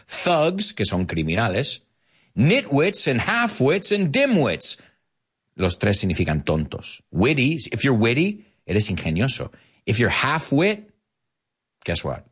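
A man in his forties, a podcast host teaching English, talking in an animated way and acting out quotes. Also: slightly rough. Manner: animated, acts out quotes with big pitch jumps. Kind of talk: bilingual English lesson.

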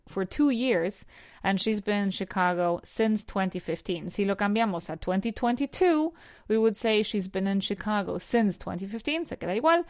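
A woman's voice: medium pitch, no room sound, clean studio sound. Spanish-accented woman teaching English. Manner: asks a numbered question, then answers it slowly in full sentences. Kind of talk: podcast lesson, quiz questions and answers.

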